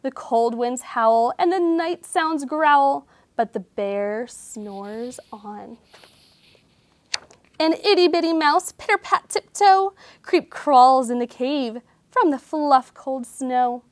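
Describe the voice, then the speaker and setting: A woman nature educator reads a picture book and talks to children about animals. Her voice is high and her pace unhurried. The recording is dry and close. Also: expressive, no room sound. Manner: gentle and slow, for children. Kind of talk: reading a picture book aloud and teaching children.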